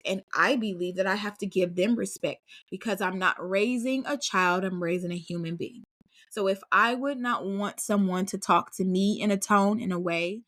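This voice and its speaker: A woman hosting her own parenting podcast, talking straight to her listeners in an earnest, emphatic way. Her voice sits at a middle pitch for a woman, and she calls her audience y'all as she leans into her points. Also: fairly bright tone. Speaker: podcast host. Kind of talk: casual solo podcast talk.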